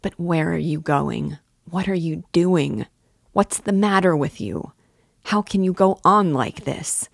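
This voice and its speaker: A woman's voice: lowish voice, slow pace, vocal fry, no room sound, clean studio sound, full character voice. A woman voicing an anxious, loyal young man who speaks urgently and pleadingly.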